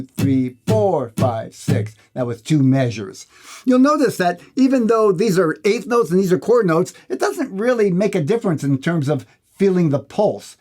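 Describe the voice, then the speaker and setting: A man's voice: sits high, a little mellow. Man teaching guitar, counting beats. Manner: friendly, counts beats aloud. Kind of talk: guitar lesson. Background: guitar strumming.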